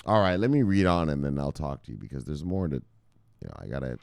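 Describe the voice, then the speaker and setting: A man hosting a crypto news show, ranting with heavy swearing, jumping between loud outbursts and low mutters. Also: very animated, fairly quick, gravelly, smooth, no echo. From United States. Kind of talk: profane animated ranting commentary.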